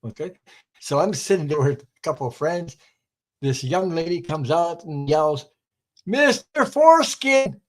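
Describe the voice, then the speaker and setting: A man's voice: a little high, moderate pace, a little mellow, low-quality recording. An older man from French Canada, a guest who rambles through funny anecdotes and laughs at his own stories. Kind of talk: casual storytelling chat.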